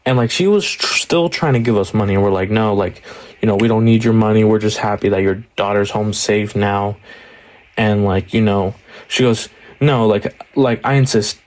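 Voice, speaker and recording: A young man tells a story in a casual way. His voice sits a little low, and he rambles, leaning on fillers as he goes. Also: normal speed, darkish tone. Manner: rambling, heavy on fillers like "like" and "you know".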